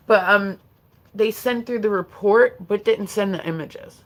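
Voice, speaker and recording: A woman's voice: medium pitch, unhurried, poor audio. A woman chatting casually on her livestream, frank and talkative, swearing freely as she talks to her viewers.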